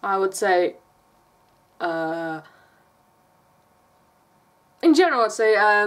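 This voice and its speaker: A woman's voice: mid-range voice, lively intonation, takes it slowly, long pauses, a bit bright. A woman from England with an English accent, chatting casually in a rambling vlog and laughing often. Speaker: vlogger.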